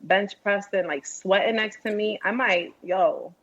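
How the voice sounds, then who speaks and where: A young woman, co-hosting a podcast and telling stories in animated, slangy casual chat. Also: mid-range voice, a little slow. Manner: animated storyteller, slangy, swears freely. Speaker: podcast co-host. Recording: dull lo-fi podcast audio.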